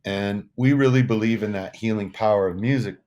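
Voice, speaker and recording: A man's voice: lowish voice, brisk, darkish tone, dull audio. A man in his sixties, a musician guest telling stories in an earnest, reflective way, often repeating words as he thinks. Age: 60s. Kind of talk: casual interview storytelling.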